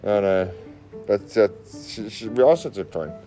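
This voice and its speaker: A man's voice: lowish voice, lively intonation, normal speed, warm tone, faint music behind. A married man from South Africa with a South African accent, hosting a casual podcast chat full of jokes, laughs and swearing. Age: adult, married. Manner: joking, laughing, slangy, swears often. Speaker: podcast host. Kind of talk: casual banter.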